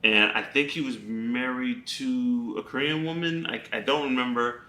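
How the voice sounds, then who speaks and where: A man's voice: medium pitch, steady tone, normal speed, sharp tone, reverberant. A man co-hosting a podcast watch party, telling a story with lots of laughter and acted-out quotes in casual chat. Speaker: podcast co-host.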